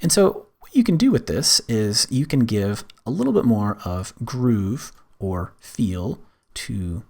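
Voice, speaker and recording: Speaking slowly at a fairly low pitch, a man guides viewers through music software in a screen-recorded tutorial. He goes step by step, easygoing, with plenty of filler words.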